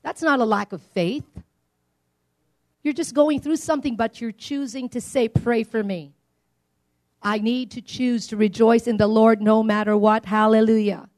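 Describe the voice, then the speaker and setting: High-pitched female preacher, animated call-and-response sermon style. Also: moderate pace. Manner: animated, swings between loud declarations and quiet asides.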